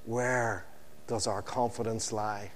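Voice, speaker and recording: A man preaching an evening sermon, slow and emphatic, with dramatic pauses and phrases that sink low and quiet at the end. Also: level tone, in a large hall, a little hiss or hum.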